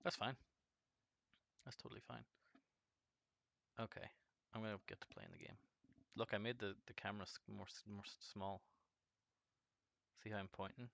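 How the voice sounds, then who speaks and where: A man chatting casually on a live game stream, rambling and swearing, his voice jumping from deep to screechy when excited. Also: normal speed, vocal fry, pauses often, no echo.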